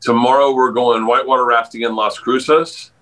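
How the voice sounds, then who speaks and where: Brief: male comedian guest, bright forceful voice, loud laughing storyteller on a video call. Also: normal speed, low-quality recording. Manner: loud storyteller, laughs a lot, jumps up in pitch when excited. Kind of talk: casual podcast chat.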